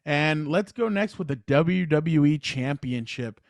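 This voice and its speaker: Excitable higher-voiced man talking wrestling. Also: measured pace, no echo. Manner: excited, rambling, retells matches with quoted voices. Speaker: podcast co-host. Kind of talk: casual sports chat.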